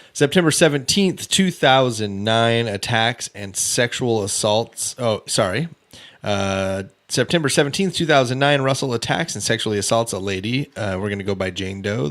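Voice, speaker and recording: A man hosting a casual true crime podcast, reading out a case timeline with offhand asides and quick self-corrections. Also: on the low side. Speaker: podcast host.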